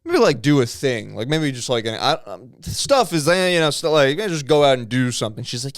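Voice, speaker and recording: A man's voice: mid-range voice, a little fast, few pauses, dry recording, clean studio sound. A young man co-hosting a comedy podcast, rambling and swearing in casual banter. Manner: rambling, animated, swears freely. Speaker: podcast co-host.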